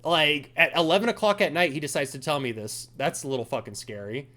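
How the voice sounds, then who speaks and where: Talking briskly in a fairly high voice, a male podcast host tells an angry story during a casual chat. He's animated and profane, swearing heavily and acting out what people said.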